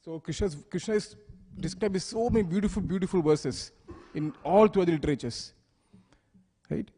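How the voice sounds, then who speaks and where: A man's voice: high voice, moderate pace, mellow, breathy edge, big-room sound. A man giving a devotional scripture class, explaining words step by step and asking the listeners questions. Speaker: temple class speaker. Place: temple hall.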